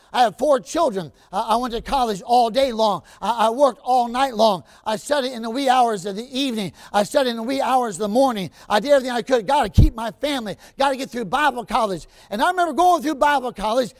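High-pitched preacher guy telling a story, gets loud and drawn out, super dry sound. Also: no room sound. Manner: animated, drawn-out emphasis with sudden shouts. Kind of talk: storytelling sermon.

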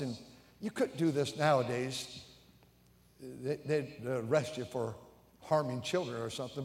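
This American pastor, a man in his seventies, preaches a sermon and spins a story full of stammered repeats, voicing the characters he quotes. His slightly high, mellow voice carries the reverb of a big church hall.

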